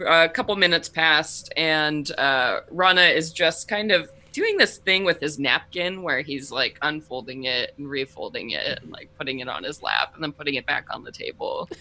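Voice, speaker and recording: A woman's voice: low voice, animated, normal speed, hardly any pauses, bright, forceful tone. A woman narrating a tabletop game as game master, descriptive and full of fillers.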